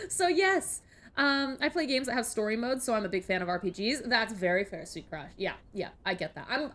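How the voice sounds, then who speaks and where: A woman streaming a game, chatting casually and thanking viewers by name. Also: fairly high pitch. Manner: chatty, thanks chat members warmly. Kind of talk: casual gameplay commentary.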